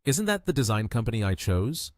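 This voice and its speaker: A man voicing an excitable, cheerful young man. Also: mid-range voice, brisk, no echo, clean studio sound, close to an everyday voice. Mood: excited.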